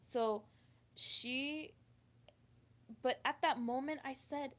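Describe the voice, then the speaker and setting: A woman telling a personal story to camera, halting and emotional, with many restarts. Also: high voice, a bit bright. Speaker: vlogger. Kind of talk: confessional storytime.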